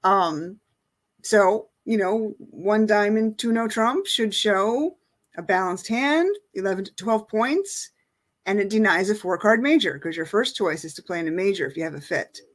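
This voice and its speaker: A woman's voice: mid-range voice, animated, normal speed. A middle-aged woman teaching an online lesson, explaining in a casual way with many fillers. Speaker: bridge teacher.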